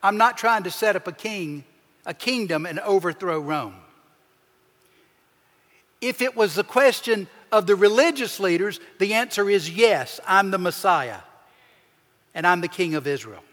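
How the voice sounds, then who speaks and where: A man preaching a sermon as pastor, with emphatic swings in pitch and loudness as he acts out the people he quotes. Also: animated, a little slow, pauses often. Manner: preaching with emphatic shifts, acting out quoted voices. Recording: long hall reverb.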